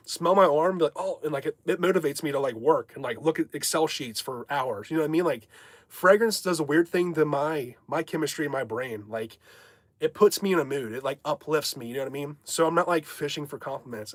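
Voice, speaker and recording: A man hosting a relaxed livestream, his voice sitting a little high for a man. He rambles candidly and answers viewers as he reads along. The sound is dry and close, with no room echo. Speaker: livestream host. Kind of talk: casual livestream chat. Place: home.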